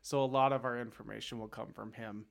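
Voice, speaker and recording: A man's voice: medium pitch, steady tone, fast, gravelly. A man hosting a casual history podcast who talks in a chatty way with plenty of fillers. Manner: chatty, lots of fillers and hedges. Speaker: podcast host.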